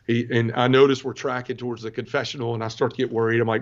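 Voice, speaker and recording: A man in his forties tells his conversion story as a podcast guest, earnest and emotional, often breaking off and restarting. He talks quickly at a middling pitch. The recording sounds dull and lo-fi. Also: flat delivery. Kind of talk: personal testimony storytelling.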